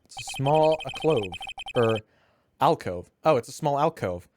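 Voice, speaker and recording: A man's voice: mid-range voice, lively intonation, unhurried, background noise, natural voice. A man voicing a wry young male defense lawyer from a video game, reading the lines in a dry, plain voice. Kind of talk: game dialogue read-along.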